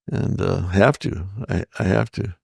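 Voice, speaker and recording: An older man, a pastor and interview guest, talking in a gentle, thoughtful way with frequent restarts. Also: low voice, fairly even intonation, unhurried, vocal fry, husky, dry recording, studio quality. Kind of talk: relaxed conversational interview.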